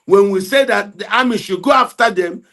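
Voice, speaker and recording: A man giving heated political commentary, forceful and repetitive as he argues. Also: sits high, normal speed.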